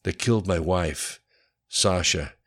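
A man reading the part of a cold, calculating former official in an audiobook, speaking in a clipped, flat manner. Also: sits low, takes it slowly, exaggerated voice.

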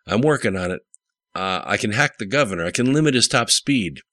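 A man reading an audiobook, voicing a tense, jittery young male hacker with a squeaky, anxious edge. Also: lively intonation, brisk, a bit bright, no echo. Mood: urgent. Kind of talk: audiobook character voice.

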